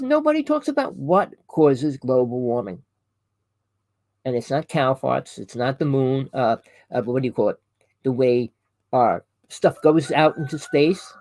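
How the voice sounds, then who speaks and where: A man's voice: medium pitch, darkish tone, no echo, poor audio. A man delivering a rambling, preachy monologue to camera. He keeps correcting himself, calls his listeners "people" and fires off rhetorical questions. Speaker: online conspiracy commentator.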